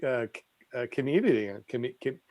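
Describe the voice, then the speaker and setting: A man's voice: mid-range voice, animated, measured pace, a little mellow. A man hosting a podcast who keeps an eye on the live chat while talking casually. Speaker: podcast host.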